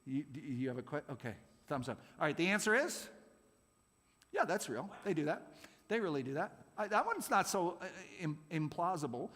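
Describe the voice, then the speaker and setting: A man's voice: fairly high pitch, big pitch swings, moderate pace, a bit bright, slightly rough. A man running a playful real-or-fake quiz with a youth group at a church service, jokey and laughing often. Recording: long hall reverb.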